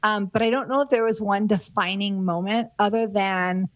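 A woman's voice: mid-range voice, fairly even intonation, normal speed, dry recording. Candid middle-aged woman, dry sound. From United States. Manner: candid and reflective, many fillers and restarts. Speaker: guest, business coach. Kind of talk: casual interview conversation.

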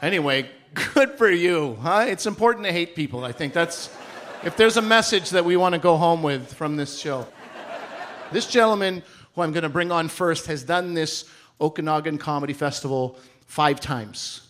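A male comedy host on a live stage, upbeat and teasing as he builds up the next act. His voice is slightly high for a man. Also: moderate pace, a bit bright. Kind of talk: introducing a comedian.

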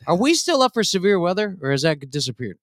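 A man from Oklahoma co-hosting a casual comedy podcast, wry and self-deprecating, quick to act flustered. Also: high-pitched, very animated, dry recording, studio quality. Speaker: co-host.

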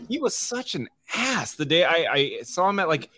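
A man's voice: fairly high pitch, very animated, normal speed, pushed and bright, slight background noise. A man hosting a podcast, talking in a conversational, emphatic way. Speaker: podcast host. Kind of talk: casual chat.

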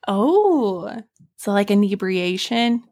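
A woman's voice: mid-range voice, big pitch swings, slow, darkish tone. A woman with a Southern US accent, a podcast guest in casual chat who laughs often while guessing.

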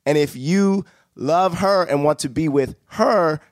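A man speaking as a guest on a casual podcast chat, frank, with halting starts and chuckles. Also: fairly high pitch, no echo, studio quality.

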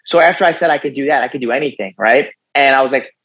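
A young man speaks as a podcast guest, recounting his life story in a loose, conversational way. He keeps it animated and casual, tossing in "dude" and "right?" as he goes. His voice sits in an ordinary middle pitch. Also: fast, poor audio. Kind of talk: personal storytelling in an interview.

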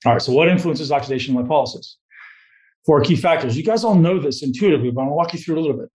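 A man's voice: fairly high pitch, expressive, rapid-fire, a little mellow. A man giving a blunt, motivational coaching talk to a live group, swearing freely and firing questions at the room. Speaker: host giving a talk on fat loss.

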